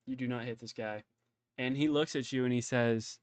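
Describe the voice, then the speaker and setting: Relaxed man running a tabletop game. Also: mid-range voice, brisk, clean tone, no echo. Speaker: game master.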